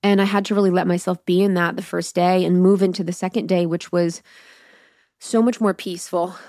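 Candid woman podcaster, low and dry. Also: fairly even intonation, brisk, warm tone, no echo. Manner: candid, profane storytelling; acts out her own inner dialogue. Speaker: podcast host. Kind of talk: solo podcast recap.

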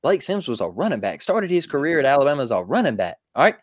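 A man's voice: medium pitch, very animated, fast talker, no room sound, clean studio sound. Emphatic man talking college football. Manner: emphatic, preachy, repeats phrases. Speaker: podcast co-host. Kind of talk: casual sports talk.

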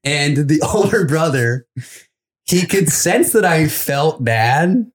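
A man's voice: fairly high pitch, slow pace. A man on a comedy podcast telling a childhood story in casual chat, laughing often and acting out the people in it. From Los Angeles. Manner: animated storyteller, acts out voices, laughs mid-sentence. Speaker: comedian guest.

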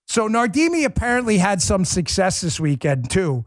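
A man hosts a political commentary show with a mocking, emphatic edge, his pitch sitting higher than most men's. The sound is dry and close, with no room around the voice. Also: big pitch swings, moderate pace, no room sound. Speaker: podcast host.

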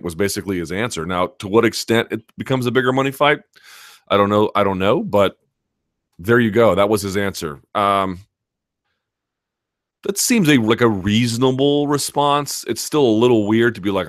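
A man's voice: on the low side, fairly quick, no echo, clean studio sound. A male host of a live chat show, telling a long story casually with many fillers and restarts.

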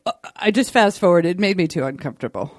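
A woman guest on a podcast, trading quick wisecracks in casual chat. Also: on the low side, animated, no echo, clean studio sound.

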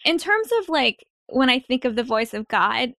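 A woman hosting a podcast in casual chat, lively and quick to laugh. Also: a little high, creaky, no room sound, clean studio sound. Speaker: podcast host.

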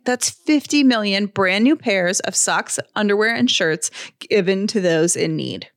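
A woman's voice: mid-range voice, fairly bright tone, no echo. A woman co-hosting a podcast in an easy, chatty voice. Her sound is dry and close, with no room around it. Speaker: podcast co-host. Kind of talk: casual chat and read ad.

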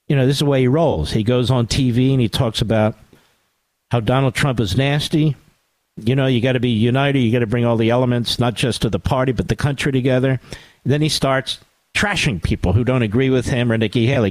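Male radio host, middle pitch, biting and sarcastic, dry close-mic studio sound. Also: no room sound. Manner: sarcastic, animated, asides to his producer. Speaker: radio talk show host. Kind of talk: opinionated political talk radio monologue.

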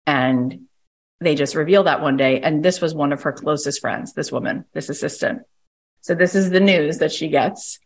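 A woman's voice: low-pitched, moderate pace, breathy edge. A woman coach on a recorded call, telling a story with energy and acting out the people she quotes. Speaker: coach and podcast host.

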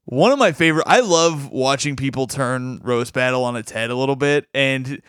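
A man hosts a casual podcast chat, talking enthusiastically and rambling with restarts. His mid-range voice is clear, resonant, and a bit bright at a moderate pace, in a dry, clean studio recording.

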